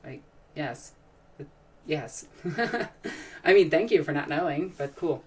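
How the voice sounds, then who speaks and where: A woman's voice: low voice, animated, takes it slowly, darkish tone, recorded from a distance. A woman hosting a casual live stream, chatting and answering questions from chat in a rambling, enthusiastic way, with frequent sighs and restarts.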